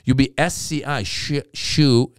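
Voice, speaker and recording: A middle-aged man, a comedian, chatting casually and telling animated stories with quick laughs. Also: mid-range voice, smooth, no echo, studio quality. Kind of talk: casual chat.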